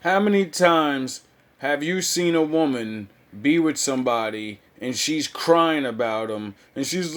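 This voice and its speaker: Blunt, mocking man, slightly high voice. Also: lively intonation, measured pace, fairly bright tone. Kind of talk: casual chat.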